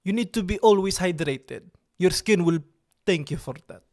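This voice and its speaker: A man hosts a livestream in a slightly raised voice. He chats with viewers in a playful, preening, mock-serious way, with halting, broken sentences and stray French words. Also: sits high, expressive, darkish tone. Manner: drops in occasional French words. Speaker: livestream host. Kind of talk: casual livestream chat with viewers.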